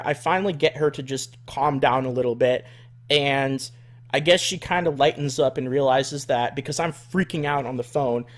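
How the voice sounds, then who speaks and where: A man, a gaming streamer, telling a story in a vlog, animated and exasperated, swearing a lot. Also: fairly high pitch.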